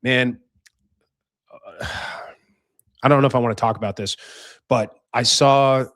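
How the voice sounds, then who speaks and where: A young podcast host delivers blunt life advice in a casual monologue, swearing freely and doing voices. His medium-pitched voice is steady and a bit bright, and he speaks slowly. The studio sound is clean, with no echo.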